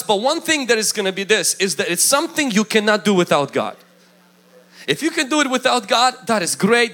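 A man preaching a sermon in a high, bright voice. His delivery is emphatic and swings widely in pitch. He acts out the people he quotes. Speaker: pastor.

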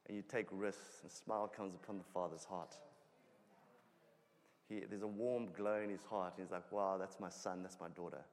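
A man preaching a sermon in a conversational way, growing animated as he tells a personal story. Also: lowish voice. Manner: conversational, animated when telling stories. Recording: long hall reverb.

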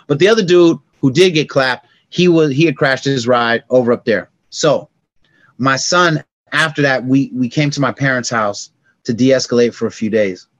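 A middle-aged man, a podcast guest, telling stories in casual conversation and acting out sounds and dialogue with lively energy. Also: medium pitch, normal speed, no echo, lo-fi sound. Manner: animated, acts out sounds and dialogue.

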